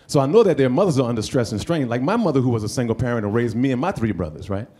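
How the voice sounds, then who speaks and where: Man, veteran, earnest appeal, slow and deliberate, mellow tone. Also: medium pitch, expressive. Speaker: veteran speaking to a panel.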